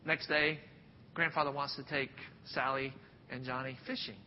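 A man preaching a sermon and telling stories, swinging from loud bursts to hushed near-whispers. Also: flat delivery, normal speed. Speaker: pastor. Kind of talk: sermon with storytelling. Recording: dull sound with long hall reverb, faint rumble.

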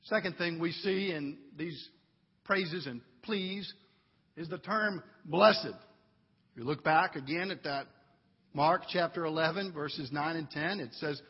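A man's voice: on the high side, takes it slowly, breathy edge, big-room sound, highs cut off. A man preaching a sermon as pastor in a church, earnest and building to fervent emphasis. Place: church sanctuary.

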